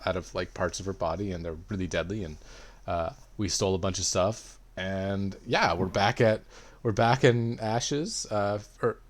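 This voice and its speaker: A man, a player in a tabletop game, recapping the last session in a rambling, excitable way full of fillers. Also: deep voice, moderate pace.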